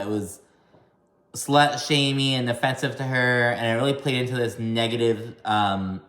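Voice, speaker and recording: A man's voice: mid-range voice, a bit bright, roomy sound. A man giving a casual, profane and sassy recap of a reality TV episode, talking to camera. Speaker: recap commentator.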